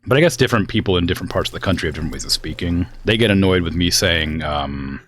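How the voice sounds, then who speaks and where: Animated and quick, a deep-voiced man from the US West Coast streams a game, his tone a bit bright against slight background noise. The casual chat rambles with plenty of fillers as he vents exasperation about family.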